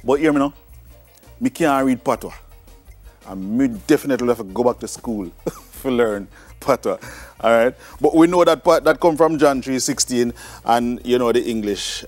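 Jamaican man teaching in a chatty style. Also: medium pitch. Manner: conversational, explanatory, checks in with "all right?". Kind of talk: recorded classroom lecture.

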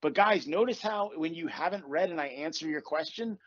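Through a dull, dry, lo-fi recording, a podcast host who coaches manifestation talks casually but bluntly, swearing and offering tough love. His voice is a little high and fairly bright, and he speaks fairly quickly.

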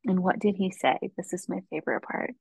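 Earnest storytelling woman guest, husky voice. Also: fairly low pitch, a little fast, dry recording, low-quality recording. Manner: earnest storytelling, frequent ums and restarts. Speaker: guest author. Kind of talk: casual podcast interview.

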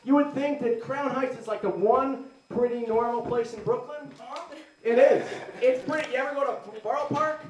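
A man doing live stand-up comedy, rambling and excitable, with lots of "like". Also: extremely high pitch, moderate pace, a crowd in the background. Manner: rambling, excitable, heavy use of "like". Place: live comedy venue with an audience. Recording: roomy echoey live room.

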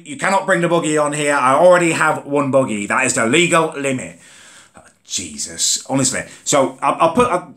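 A man's voice: lowish voice, fairly bright tone. A young man telling an indignant rant to camera for his vlog, swearing casually. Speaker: vlogger. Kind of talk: ranting vlog storytelling.

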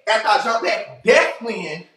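A breathless man livestreaming, loudly acting out a fight story with profanity and sound effects. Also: high-pitched, expressive, unhurried, distant mic. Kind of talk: animated storytelling. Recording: roomy echo, faint noise.

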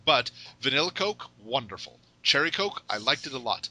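A man hosting a podcast interview, chatting in a General American accent, playful and quick to laugh. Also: medium pitch, sing-song, bright, forceful tone, rough recording. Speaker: podcast host. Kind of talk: casual interview chat.

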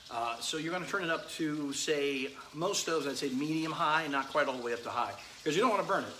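A middle-aged man hosting a casual live cooking demo from his home kitchen, chatting to viewers and greeting them by name as he fries chicken. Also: a little high. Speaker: cooking show host. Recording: echoey kitchen, faint frying noise. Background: sizzling frying pan.

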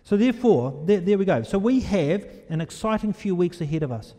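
A preacher gives an animated sermon in a church, telling stories and often turning to the congregation with questions. His voice is fairly high yet mellow and dark in tone, and his pace is brisk. Every phrase is followed by long reverb from the hall.

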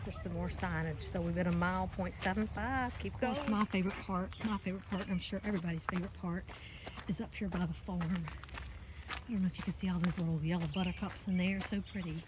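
A woman's voice: on the low side, fairly even intonation, fast. A middle-aged woman chatting casually while walking a trail, out of breath and reminiscing as she films on her phone. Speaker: vlogger. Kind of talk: casual walking vlog narration. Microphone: handheld phone. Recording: noisy outdoor phone audio. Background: running water, birds, passing vehicles.

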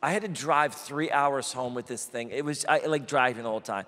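Male pastor, mid-pitched, lively comic sermon storyteller, long church hall reverb. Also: a little hiss or hum. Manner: animated, self-deprecating storyteller with quick asides. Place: church auditorium.

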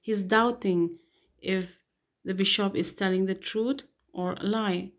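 A woman's voice: mid-range voice, fairly even intonation, takes it slowly. A woman teacher explaining and reading a play aloud to her students, with frequent okay and so. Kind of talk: literature lesson reading a play.

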